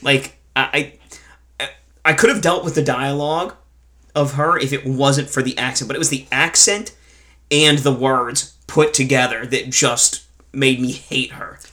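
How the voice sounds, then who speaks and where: A man's voice: mid-range voice, steady tone, a little slow, pushed and bright. A man co-hosting a casual movie review chat, blunt and sarcastic, swearing freely. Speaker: podcast co-host reviewing a film.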